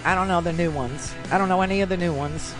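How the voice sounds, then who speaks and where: A woman hosting a political radio talk show, brash and sarcastic, with lots of fillers and quick asides. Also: on the low side, music in the background. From New York. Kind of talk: political commentary monologue.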